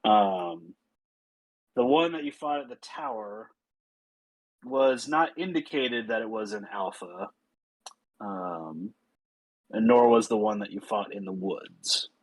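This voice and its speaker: Slow, husky-voiced game master. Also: male voice, lowish voice, no room sound, rough recording. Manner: unhurried, with many fillers. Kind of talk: narrating a tabletop game.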